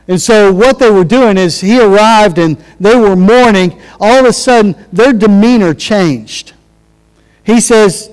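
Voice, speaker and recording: A man's voice: high voice, measured pace, a little mellow, clear, resonant tone, long reverb tail, poor audio. A man preaching a sermon in a conversational way, acting out quotes as he goes. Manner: conversational, restarts and acted-out quotes. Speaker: pastor.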